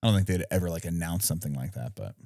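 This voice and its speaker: A man's voice: low-pitched, rapid-fire, creaky, warm tone, no echo, clean studio sound. A man co-hosting a podcast in casual chat, laid-back and swearing freely. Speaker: podcast co-host.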